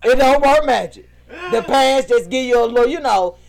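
A woman co-hosting a casual talk show, telling animated stories, laughing often and acting out what people said. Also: high voice, normal speed, creaky. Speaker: podcast co-host. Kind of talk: casual chat.

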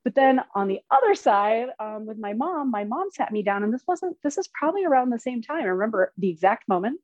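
Woman, casual storyteller, lively and swearing, fairly high voice, slightly dull recording. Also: brisk, no echo. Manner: animated, swears freely, laughs through stories. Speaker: podcast guest.

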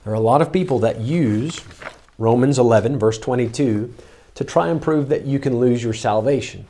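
A man preaching an expository sermon, reading scripture slowly and repeating words for emphasis. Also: mid-range voice, mellow, a little hiss or hum.

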